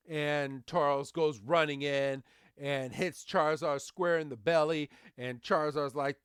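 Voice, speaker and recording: A man's voice: on the high side, fairly even intonation, measured pace, fairly bright tone, clear, resonant tone, no echo, clean studio sound. A man co-hosting a podcast, recapping cartoon episodes in casual chat and acting out the characters' lines with plenty of animation. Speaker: podcast co-host.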